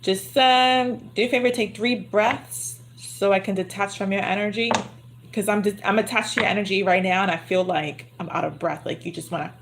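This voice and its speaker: A woman's voice: medium pitch, fairly even intonation, moderate pace, background noise. A woman giving a livestream tarot reading, chatty and murmuring to herself as she repeats her phrases. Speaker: tarot reader. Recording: card shuffling clearly audible.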